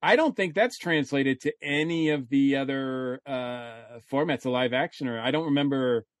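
A man's voice: medium pitch, normal speed, dry recording. A man co-hosting a podcast, chatting casually and rambling through his thoughts with restarts. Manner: relaxed, rambling, many restarts. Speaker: podcast co-host.

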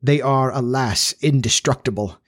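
A man voicing a solemn elderly male professor who speaks quietly and gravely, with an even, metallic ring. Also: mid-range voice, no room sound, studio quality, close to an everyday voice. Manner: quiet, grave, slow and final.

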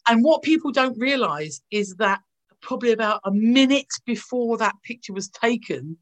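Gushing actress telling stories. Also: female voice, a little high, lively intonation, moderate pace. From England. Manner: gushing, anecdotal storytelling. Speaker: actress guest. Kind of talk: casual interview over video call. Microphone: video call.

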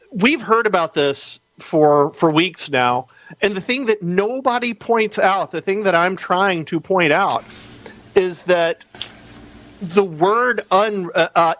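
A man speaking as a guest on talk radio, his voice a bit higher than most. He argues with animated emphasis and quick asides, recorded with a dry sound that has no room behind it. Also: dry recording. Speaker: radio show guest, news editor.

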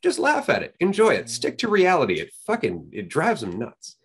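A man's voice: a little high, huge pitch swings, normal speed, fairly bright tone, slightly rough. A man co-hosting a podcast in casual chat, blunt and swearing freely. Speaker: podcast co-host.

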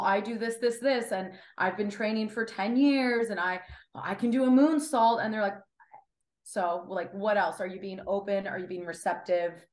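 A woman's voice: mid-range voice, echoey room. A young woman in her twenties, a wrestler guest chatting casually and acting out quotes. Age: 20s. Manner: chatty, animated, acts out quotes. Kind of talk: casual interview chat.

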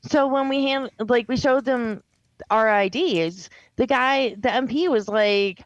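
A woman's voice: on the high side, slow pace, no room sound, poor audio. A woman co-hosting a podcast, chatting casually and laughing often as she tells stories. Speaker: podcast co-host. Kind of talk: casual chat.

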